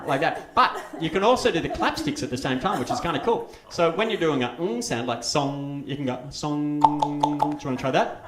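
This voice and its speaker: A man's voice: a little high, a little fast, over a noisy crowd. A man performing a playful comedy show, chatting with and leading a live audience. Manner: chatty, playful, lively and laughing. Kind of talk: live comic stage show with audience participation. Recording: echoey live stage recording with background noise.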